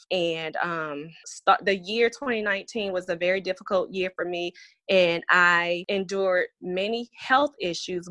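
A woman's voice: lowish voice, a bit bright, no echo. A woman in her thirties, a special education teacher, speaking earnestly and reflectively as an interview guest. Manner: earnest, reflective, reads letters aloud. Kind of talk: heartfelt interview talk.

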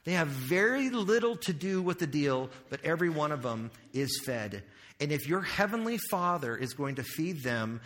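A man's voice: medium pitch, a bit bright. A male pastor preaching a sermon in a conversational way, asking the audience questions and making joking asides. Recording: long hall reverb.

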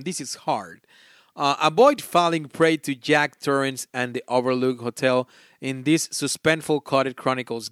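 A man's voice: on the high side, clean tone, no room sound, clean studio sound. A man with a non-native English accent hosting a solo board game podcast. He chats casually and reads game text aloud, often stopping to restart a phrase. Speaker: podcast host.

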